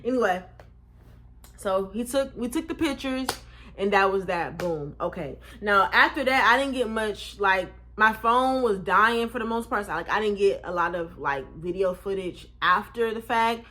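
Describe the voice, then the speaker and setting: Animated young woman telling a story. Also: normal speed. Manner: animated, swearing, acts out quotes in raised pitch. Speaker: vlogger. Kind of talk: casual storytime.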